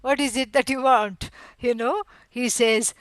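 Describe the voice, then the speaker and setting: A middle-aged woman teaching a scripture lecture. She explains at length, fills pauses with "you know" and stresses words for emphasis. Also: fairly high pitch, steady tone, smooth, no echo, poor audio. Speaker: Vedanta teacher.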